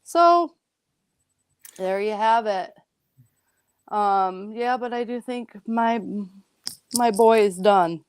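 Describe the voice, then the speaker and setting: A woman's voice: a little high, takes it slowly, pauses often, clean tone, dry recording, clean studio sound. A woman guest on a casual sports podcast, talking earnestly and getting emotional about her favorite player. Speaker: guest commentator.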